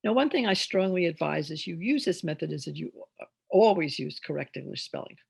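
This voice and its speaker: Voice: mid-range voice, lively intonation, a little fast, creaky, husky. A reading teacher giving an instructional talk on phonics, explaining step by step with chatty asides.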